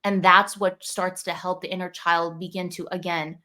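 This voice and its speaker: A woman's voice: lowish voice, flat delivery, normal speed, sharp tone. A woman in her thirties in casual podcast chat, speaking in an earnest and reflective way. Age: 30s. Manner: earnest, reflective, talks through inner dialogue.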